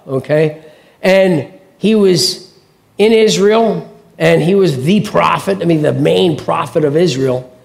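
Male pastor, chatty animated preaching style, raspy fry, higher register. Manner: conversational, animated storytelling with acted-out voices. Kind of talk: sermon.

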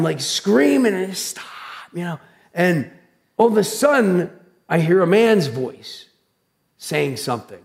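A male pastor with a high, gravelly voice delivers his sermon. He talks loudly and with animated drama, throwing himself into his stories. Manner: loud, animated, dramatic storytelling. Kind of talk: sermon with personal storytelling.

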